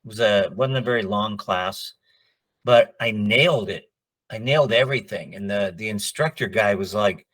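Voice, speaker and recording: Speaking at a normal speed with a lowish voice, a middle-aged voice actor shares stories as an interview guest. He's lively about it, slipping into the voices of those whose words he repeats in this casual chat.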